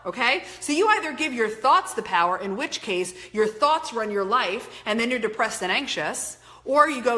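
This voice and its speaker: Animated, bright-voiced woman coaching live. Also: a little high, moderate pace, hardly any pauses. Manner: emphatic, animated, swears casually. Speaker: life coach hosting a live stream. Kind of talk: motivational live-stream talk, reading viewer comments. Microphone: webcam or phone mic.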